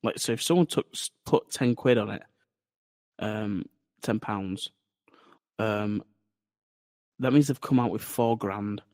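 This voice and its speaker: Bloke co-hosting a podcast, rambling, sweary storyteller, dry close sound. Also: male voice, lowish voice, slow, long pauses, a little mellow, no room sound. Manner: rambling, swears freely, tells anecdotes. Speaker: podcast co-host. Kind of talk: casual chat.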